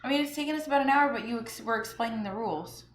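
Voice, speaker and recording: A woman's voice: fairly high pitch, very fast. A woman chatting casually while playing a board game, giggling often and counting aloud. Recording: echoey room with clear background noise.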